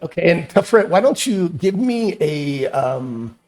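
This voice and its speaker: Gm guy narrating a tabletop game, kinda high voice, lots of um and restarts. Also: sing-song, darkish tone. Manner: halting, many restarts and fillers. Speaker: game master.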